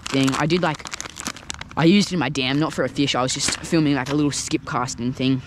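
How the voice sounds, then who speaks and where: A man's voice: mid-range voice, fairly quick, background noise. Chatty man fishing outdoors. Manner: chatty, excitable, thinks aloud. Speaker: fishing vlogger. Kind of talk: casual narration while fishing. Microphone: action camera.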